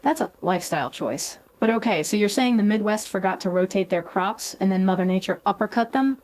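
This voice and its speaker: A woman's voice: mid-range voice, fairly quick, darkish tone, poor audio. A woman with a mid-range voice co-hosts a scripted podcast. She reacts in a sassy, dramatic way and plays up every exaggeration. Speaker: co-host.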